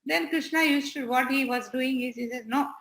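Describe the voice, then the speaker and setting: A woman's voice: high voice, moderate pace. A woman telling a devotional story to children and acting out the figures' lines as she goes. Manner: animated, voices the figures' dialogue. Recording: echoey room.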